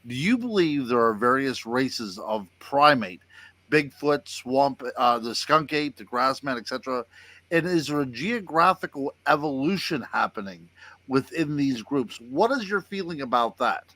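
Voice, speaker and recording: A man's voice: mid-range voice, expressive, measured pace, pushed and bright, dry recording. A man hosting a podcast interview, asking folksy, wordy questions. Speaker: podcast host.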